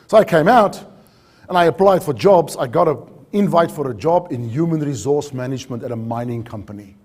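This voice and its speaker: Guy telling a story on stage, husky voice, pitch jumps all over. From South Africa. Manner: animated, acts out dialogue. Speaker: safety talk speaker. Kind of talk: storytelling keynote talk.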